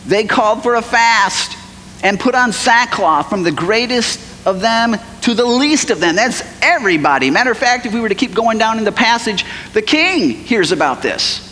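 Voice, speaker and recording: A man preaching a sermon as pastor, animated, acting out the voices of biblical figures. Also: very high-pitched, normal speed. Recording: long hall reverb, faint noise.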